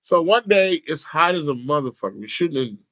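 Animated, profane man telling a story. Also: on the high side, fairly quick, no echo, studio quality. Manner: animated, profane, acts out quotes. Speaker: podcast guest telling a story. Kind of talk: casual storytelling.

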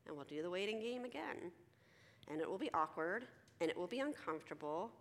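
A middle-aged woman gives a conference talk as a counselor, chatty and animated, slipping into quoted voices of teenagers. Her voice sits fairly low, and a long reverb trails her words around a large hall. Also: brisk. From Philadelphia. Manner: animated, conversational, acts out teens and herself in quoted dialogue.

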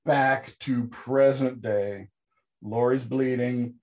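A man co-hosting a podcast, recapping a horror movie with sarcastic jokes. His voice sits mid-range, and he leaps suddenly upward in pitch when he lands a punchline. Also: takes it slowly. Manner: animated sarcastic storytelling with sudden pitch jumps. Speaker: podcast co-host. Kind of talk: casual comedic film review chat.

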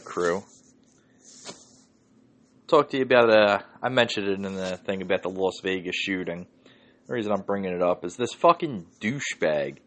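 Swearing Philly man ranting on a podcast. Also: on the low side. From Northeast Philadelphia. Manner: profane, ranting, heavy swearing. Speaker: podcast host. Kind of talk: solo podcast rant.

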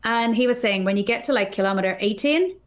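A woman guest on a podcast, telling a story in an animated, chatty way, full of filler words. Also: fairly high pitch, fast. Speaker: podcast guest, developer advocate. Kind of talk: casual storytelling chat.

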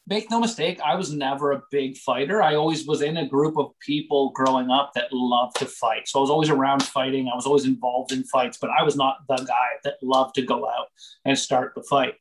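Telling a story in a casual podcast chat, this young comedian from Canada is animated, heavy on swearing and fillers. His medium-pitched voice moves briskly, and the recording is rough.

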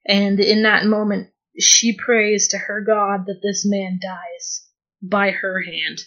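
Slow, flat-voiced woman player, muffled sound. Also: medium pitch. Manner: hesitant, thoughtful. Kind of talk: describing her character's actions.

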